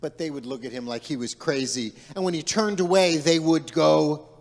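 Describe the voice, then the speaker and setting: Playfully telling a folk tale, a rabbi directs his congregation to make animal sounds. His voice is fairly high with a darkish tone and a moderate pace, echoing with long hall reverb in a large synagogue sanctuary.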